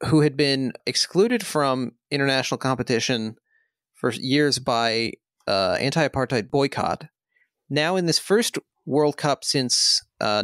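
A man's voice: mid-range voice, a bit bright, no echo. A man hosts a film podcast in casual chat. He rambles with a wry, jokey edge, heard close on a dry mic. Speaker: podcast host.

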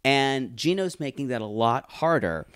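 Give me an animated male podcast co-host recapping TV in a dead-dry room. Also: mid-range voice, a little slow, smooth, no room sound. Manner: chatty, animated, acts out quotes. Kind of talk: casual chat recapping a reality show.

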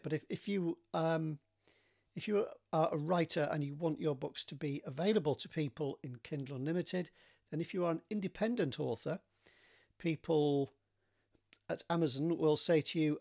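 A man's voice: a little high, moderate pace, vocal fry, a little mellow. A man, an author, talking casually to his readers, with frequent ums and restarts. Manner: hesitant, many ums and restarts. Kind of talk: casual solo chat.

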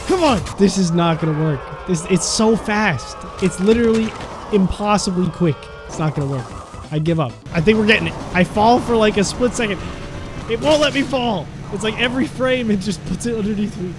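Hyped young guy yelling at game characters, high voice, music going behind. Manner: excitable, laughing, talks to game characters. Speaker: gaming YouTuber. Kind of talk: gameplay commentary.

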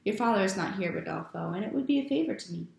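A woman's voice: mid-range voice, expressive, fast, gravelly, reverberant, slight background noise. A woman voicing a cheerful, playful uncle in a storybook, speaking in a jovial, coaxing way. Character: cheerful playful uncle, middle-aged man.

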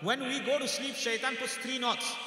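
A man delivering an exhorting sermon at a large gathering. He fires off rhetorical questions, repeats key phrases, and recites Arabic verses quickly. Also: very high-pitched, fairly even intonation, sharp tone. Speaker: mufti giving a graduation lecture. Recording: echoey hall, voice from a distant mic.

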